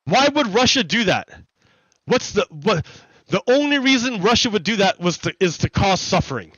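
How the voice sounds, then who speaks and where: A man's voice: sits high, sing-song, moderate pace, bright, forceful tone, husky, no echo, highs cut off. A man hosting a livestream, ranting heatedly in profane, repetitive commentary. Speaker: livestream host. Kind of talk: ranting commentary during a gaming stream. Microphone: streaming desk mic.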